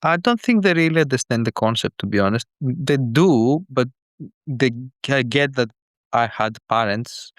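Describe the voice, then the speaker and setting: Earnest, halting male caller. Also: medium pitch, expressive, no echo, studio quality. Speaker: caller, father. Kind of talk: call-in show conversation.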